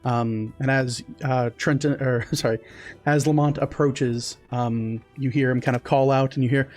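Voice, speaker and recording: A man running a tabletop game as game master, describing the scene in a mid-pitched voice. He pauses often and fills gaps with "uh" and "um", with faint music behind him. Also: fairly even intonation, a little mellow. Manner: hesitant, many fillers.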